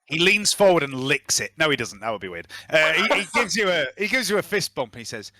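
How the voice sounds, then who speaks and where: A man as game master narrating a tabletop role-playing session, relaxed and full of fillers. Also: fairly high pitch, a little fast, hardly any pauses, no room sound. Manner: relaxed, with frequent fillers and restarts.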